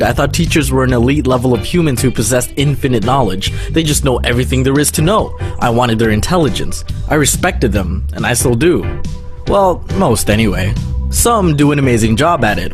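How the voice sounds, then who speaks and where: A young man talks through a scripted personal monologue in a wry, conversational way, slipping in joking asides. His pitch sits in an ordinary middle range. Clear background music plays beneath his voice. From Canada. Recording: played video clip with music behind.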